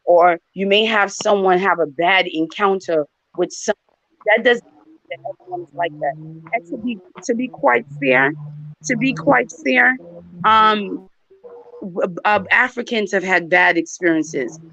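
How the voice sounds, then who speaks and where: A woman's voice: medium pitch, a little slow, a bit bright. A woman, talking emphatically and directly to her viewers in a casual chat. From New York. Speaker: channel host. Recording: dry, dull lo-fi sound.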